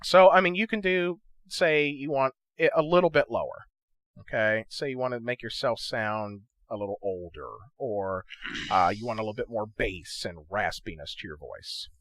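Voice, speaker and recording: Chatty man explaining software, dry sound. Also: medium pitch, moderate pace, no room sound. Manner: loose and chatty, checks in with "okay?" and "right?". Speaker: gaming channel host teaching audio editing. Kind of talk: casual screen-recorded tutorial.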